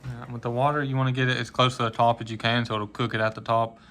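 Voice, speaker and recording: A man's voice: mid-range voice, little pitch movement, fast talker, a bit bright, a little hiss or hum. A young man hosting a casual cooking vlog in a home kitchen, explaining plainly to viewers. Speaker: channel host.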